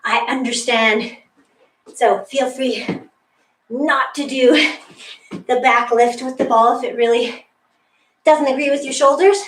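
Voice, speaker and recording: A female fitness instructor leads a guided workout indoors, in a room with a wall and ceiling tiles, slightly out of breath, encouraging and laughing often as she instructs. Her high voice has fairly even intonation, a little slow with long pauses. The low-quality recording sounds reverberant, with her far from the mic.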